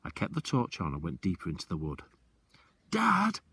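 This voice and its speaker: Breathy, expressive man reading aloud. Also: very deep voice. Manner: expressive, slows down for suspense. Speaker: teacher. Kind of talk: reading a children's book aloud.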